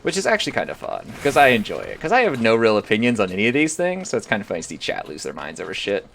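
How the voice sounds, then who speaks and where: A man's voice: on the low side, huge pitch swings, racing, gravelly, fairly bright tone, slight background noise. A young man talking casually on a live stream, rambling and swearing freely.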